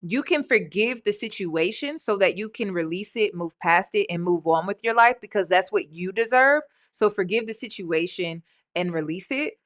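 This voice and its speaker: A woman's voice: mid-range voice, lively intonation, moderate pace. A woman hosting a reaction video, speaking directly to her viewers in a blunt, skeptical, casual way.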